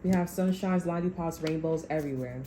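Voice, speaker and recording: A woman's voice: low-pitched, fairly quick, echoey room, heavy background noise. A woman giving a tarot reading, talking to her viewers in a blunt, profane, sassy way. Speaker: tarot reader. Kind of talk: casual spiritual reading monologue.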